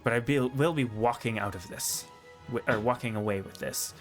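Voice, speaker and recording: A man's voice: mid-range voice, moderate pace, faint music behind, natural voice. A man voicing a haughty elf who talks in a snide and condescending way.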